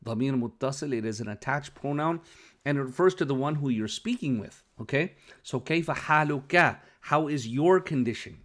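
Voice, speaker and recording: A man's voice: mid-range voice, expressive, moderate pace, fairly bright tone. A man who is not a native Arabic speaker, teaching Arabic vocabulary patiently and often checking understanding with an "okay?". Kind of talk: explaining a lesson.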